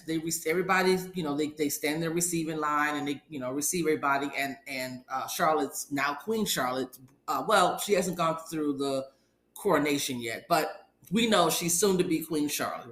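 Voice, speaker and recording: Casual recap host, chatty storyteller, acts out quotes, bright forceful tone, echoey room. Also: mid-range voice. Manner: chatty retelling with acted-out quotes. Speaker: podcast host.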